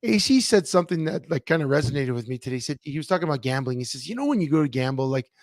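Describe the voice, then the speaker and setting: Man co-host, animated storyteller, slightly high voice, dry sound. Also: rapid-fire, dry recording. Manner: animated storyteller, many fillers and restarts. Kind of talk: casual sports talk show chat. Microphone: remote computer mic.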